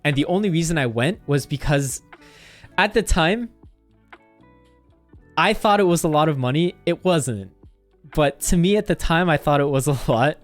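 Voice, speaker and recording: A man's voice: a little high, normal speed, pauses often, soft background music. A young man streamer casually telling a story, rambling with constant "like" fillers and swearing.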